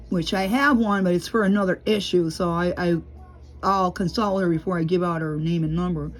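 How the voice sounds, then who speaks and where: A middle-aged woman talking casually to camera from home, rambling and chatty, laughing often and sometimes dropping low and quiet. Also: steady tone, a little fast, soft background music. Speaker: vlogger.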